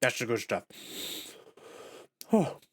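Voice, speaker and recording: A man streaming a game live, chatting casually in a goofy, giggly, excitable way. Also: mid-range voice, takes it slowly.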